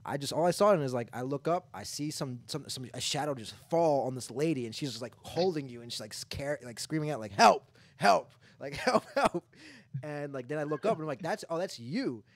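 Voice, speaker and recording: A man rattles off a rambling story at a quick clip, with a mid-range voice and a lot of "like" fillers. The delivery is loose, unscripted podcast chat. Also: mid-range voice, dry recording. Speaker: podcast co-host.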